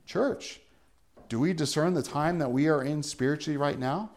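Guy pastor preaching, earnest, slightly high voice, gets loud and emphatic. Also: moderate pace. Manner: earnest, rising to emphatic peaks. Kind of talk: sermon.

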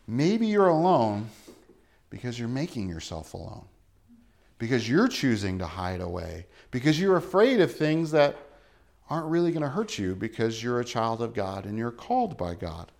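A man preaching a sermon, earnest and dramatic, dropping to a soft low voice to press his points. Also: expressive, normal speed, creaky. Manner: dramatic, acts out quoted voices with rising pitch and volume. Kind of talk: sermon reading and explaining scripture.

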